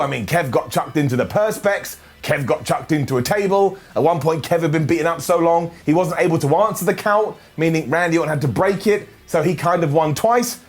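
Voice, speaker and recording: A man hosting a wrestling review video, talking in an energetic, sarcastic and jokey way. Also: a little high. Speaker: wrestling show reviewer and host.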